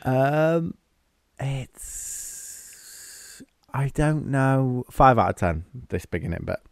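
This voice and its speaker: A man's voice: medium pitch, expressive, extremely slow, creaky, no echo, studio quality. A man co-hosting a film podcast, chatting casually with wry asides and thinking-aloud fillers. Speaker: podcast co-host.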